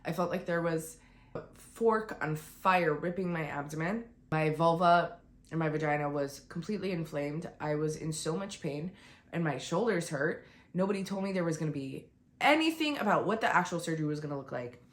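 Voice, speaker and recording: A woman telling a raw, emotional personal story on a vlog, on the verge of tears, swinging between quiet and heated. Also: low-pitched, moderate pace, roomy sound. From United States. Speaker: vlogger.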